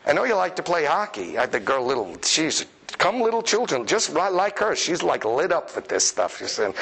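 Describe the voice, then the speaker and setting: A man preaching a lively sermon to a congregation, animated and playful, often acting out the voices of the people he quotes. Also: on the high side, fairly quick, creaky, hardly any pauses. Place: church service with congregation.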